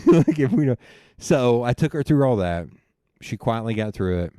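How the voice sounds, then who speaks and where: A young man hosts a podcast, chatting casually about his family and acting out his relatives' voices, laughing as he goes. His voice is medium-pitched at normal speed. The studio-quality audio has no echo.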